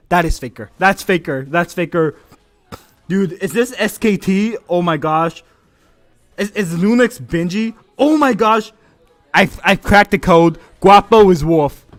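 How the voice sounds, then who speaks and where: A man's voice: high voice, a bit bright. Hyped man casting a game stream. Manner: hyped, crude joking, frequent exclamations. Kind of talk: livestream game commentary.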